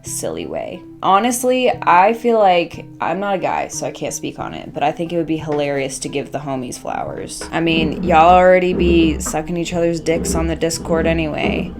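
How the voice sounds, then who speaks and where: A woman's voice: low voice, expressive, normal speed, creaky, few pauses, music in the background. A young woman chatting playfully to camera while arranging flowers at her home workstation, swearing casually and talking to herself. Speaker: craft vlogger.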